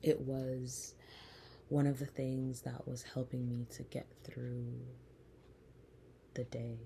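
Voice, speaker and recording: A woman hosting a podcast, telling a personal story in a soft, slow, reflective way that often turns breathy. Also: a bass voice, flat delivery, a little hiss or hum. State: close to tears. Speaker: podcast host.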